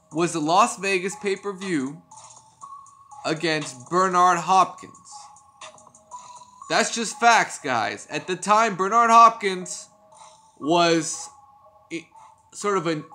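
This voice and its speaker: Man, high voice, profane exasperated rant, casual commentary, faint background music. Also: pushed and bright. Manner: profane, exasperated ranting with laughs. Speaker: boxing news commentator.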